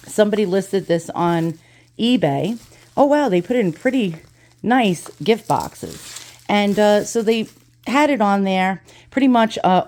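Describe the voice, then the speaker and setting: Unboxing her haul, a middle-aged woman tells a story in a loose, ranting vlog style that's frank and full of swearing. Her voice is mid-range and a little mellow.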